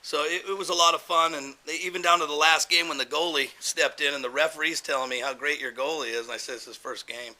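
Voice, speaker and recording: A man's voice: a little high, fairly even intonation, fast, few pauses, pushed and bright, low-quality recording. A man speaking as an assistant coach at a banquet, praising the players and repeating words in his enthusiasm. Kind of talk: banquet speech.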